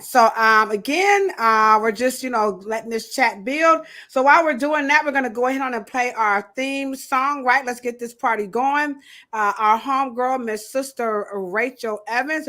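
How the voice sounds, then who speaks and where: A woman hosting a casual podcast livestream, talking in a playful, animated way. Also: fairly high pitch, moderate pace. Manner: animated, playful, acts out quoted voices. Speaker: podcast host.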